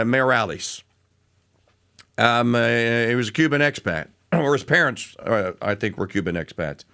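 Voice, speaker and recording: A man's voice: medium pitch, fairly bright tone. A middle-aged man hosting a talk radio show, telling a story in a rambling, casual way with many fillers and restarts.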